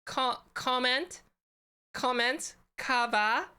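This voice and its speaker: A woman's voice: high-pitched, drawn-out words, pushed and bright, clean tone. A woman VTuber streamer chatting casually and playfully with her chat, giggling and reading names aloud.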